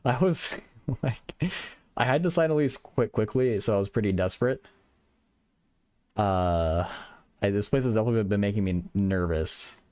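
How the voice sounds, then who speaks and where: A young adult man hosts a livestream in a lowish, smooth, darkish voice at a moderate pace, pausing often. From a small apartment bedroom he chats casually with viewers, stuttering and repeating words, with no echo.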